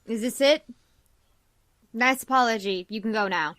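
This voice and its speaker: A woman's voice: on the high side, normal speed, fairly bright tone, no room sound, close to an everyday voice. Woman playing Gordon, a curt hostile farmer man. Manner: curt, dismissive.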